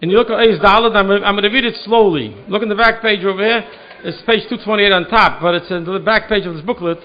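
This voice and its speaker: A man's voice: high-pitched, fast talker, lo-fi sound. A man, a rabbi, giving a Torah study lecture in a synagogue hall, earnest and often repeating words as he searches for them. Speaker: rabbi teaching a class.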